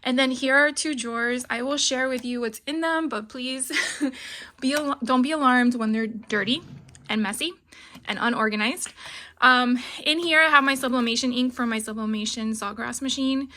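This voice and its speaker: A woman's voice: high-pitched, moderate pace, bright, forceful tone. A middle-aged woman chatting casually through a tour of her home craft room, with lots of ums and a slightly breathless delivery. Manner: chatty, frequent ums, light laughs. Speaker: craft vlogger.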